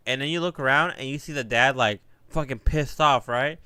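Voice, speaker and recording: A man in casual podcast chat, telling a story with animated, stammering restarts. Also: medium pitch, normal speed, a little hiss or hum.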